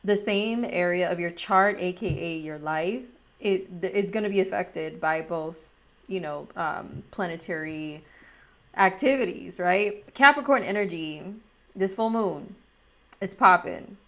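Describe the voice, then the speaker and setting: A woman's voice: fairly low pitch, measured pace, fairly bright tone. A woman astrologer talking casually and chattily, with slang and frequent laughs.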